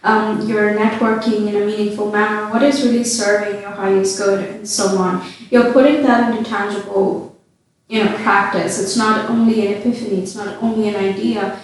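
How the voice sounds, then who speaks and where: Lady doing a tarot reading, slow and easy, super echoey room. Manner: calm, unhurried, with gentle fillers. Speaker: tarot reader. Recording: very echoey room, mic at a distance, faint rumble.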